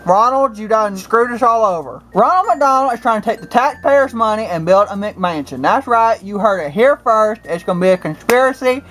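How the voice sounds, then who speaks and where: A woman's voice: fairly high pitch, low-quality recording. A woman doing an in-character comedy vlog, with an indignant, rambling, melodramatic manner. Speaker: comedy vlogger.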